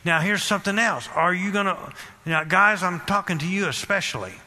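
A man preaching a sermon with fervent, repetitive exhortation that rises to loud emphasis. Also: high-pitched, a little fast. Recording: long hall reverb.

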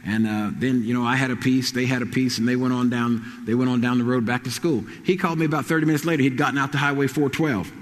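A middle-aged male pastor preaches in a large room whose sound rings out in a long reverb. He tells his stories with lively acted dialogue and lets his voice climb higher whenever he quotes someone. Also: quick pace. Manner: storytelling, acts out quoted voices. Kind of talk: sermon.

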